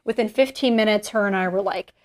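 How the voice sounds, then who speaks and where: A woman podcast host and business founder telling a story in casual chat, animated and full of "like", swearing freely. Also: mid-range voice, quick pace.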